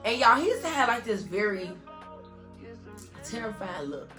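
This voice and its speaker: A woman's voice: fairly high pitch, very animated, normal speed, pushed and bright, faint music behind. A young woman vlogger telling an emotional story-time monologue, earnest and talking straight to her viewers. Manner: earnest, talks straight to viewers with constant "y'all".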